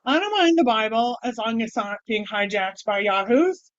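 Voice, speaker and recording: A woman's voice: fairly high pitch, lively intonation, normal speed, dry recording. A middle-aged woman vlogging in a candid, rambling way, with wry self-deprecating humor. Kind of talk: casual personal vlog. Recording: dull, dry sound.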